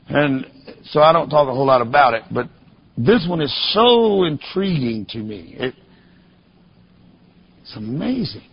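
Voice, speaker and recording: A man preaching a sermon as a story, emphatic and repeating rhetorical questions to the congregation, at times rising to a shout. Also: on the high side, breathy edge. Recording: dull lo-fi recording.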